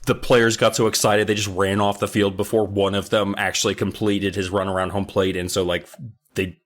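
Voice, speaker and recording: A man's voice: lowish voice, little pitch movement, fairly quick. A man co-hosting a podcast, retelling a book's plot in loose, profane, rambling commentary. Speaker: podcast co-host. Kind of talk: casual book recap chat.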